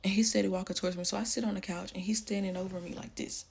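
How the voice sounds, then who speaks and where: A young woman recounts a personal story in a loose, casual way, leaning on "like" and sinking into hushed tones. Her voice is gravelly with a husky edge. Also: medium pitch, steady tone, racing.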